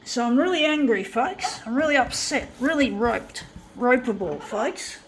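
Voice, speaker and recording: Upset lady talking to the camera, high voice, slow and shaky, faint noise behind her. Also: expressive. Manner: self-critical, repetitive, keeps saying folks. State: upset, shaky, on the verge of tears. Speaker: artist. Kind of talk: rambling monologue to camera.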